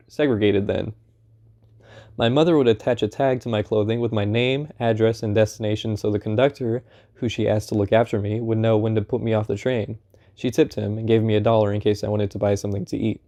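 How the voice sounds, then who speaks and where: A man reading a first-person memoir aloud in an unhurried, conversational storytelling manner. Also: fairly low pitch, warm tone. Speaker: audiobook narrator.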